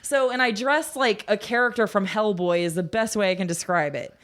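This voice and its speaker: A woman in her thirties tells stories as a podcast guest. She talks in a loose, animated way, laughs often and scatters "like" through her sentences. The pitch of her voice sits in the middle range for a woman. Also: fairly quick. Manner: animated, laughing, many "like" fillers. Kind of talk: casual storytelling interview.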